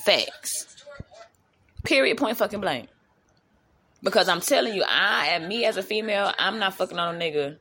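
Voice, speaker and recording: A woman's voice: medium pitch, animated, normal speed, pauses often, bright, forceful tone, slight background noise. Blunt profane woman ranting. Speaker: host. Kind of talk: casual rant to camera.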